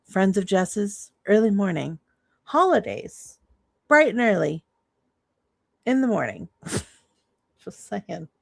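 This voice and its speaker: A woman's voice: medium pitch, big pitch swings, slow, gravelly, long pauses, no room sound, studio quality. A woman streamer reacting to clips in casual commentary, laughing, mocking and swearing freely.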